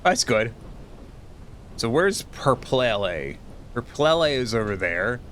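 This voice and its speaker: A man's voice: mid-range voice, big pitch swings, slow pace, fairly bright tone, a little hiss or hum. A man streaming live, chatting casually and teasingly with his viewers while tired and rambling.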